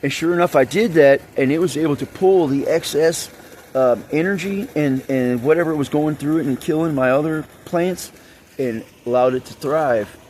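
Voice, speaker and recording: A man's voice: fairly high pitch, normal speed, darkish tone, slight background noise. A man rambling and venting in an agitated monologue, swearing heavily as he talks. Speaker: vlogger.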